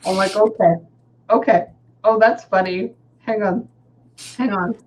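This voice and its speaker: A woman with a Texan accent, a medium in a casual reading session, chatting and relaying messages, often pausing to say "hang on". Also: mid-range voice, steady tone. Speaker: psychic medium. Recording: slightly dull audio with faint background noise.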